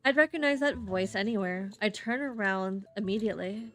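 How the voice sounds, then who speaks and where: A woman's voice: mid-range voice, a bit bright, faint music behind. A woman streamer reading game narration aloud, stumbling over words and restarting often. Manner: halting reading with frequent slips and restarts.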